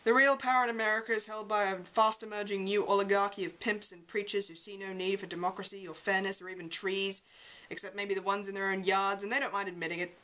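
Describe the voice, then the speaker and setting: A woman's voice: medium pitch, fairly even intonation, fast talker, bright, forceful tone, poor audio. A woman reading a memoir aloud as an amateur reader, with a wry, sardonic delivery.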